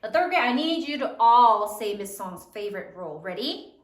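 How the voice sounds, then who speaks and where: A woman's voice: fairly high pitch, animated, moderate pace, distant mic. A woman teaching a third grade spelling lesson, sounding out words letter by letter in a sing-song way. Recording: echoey room, voice off-mic.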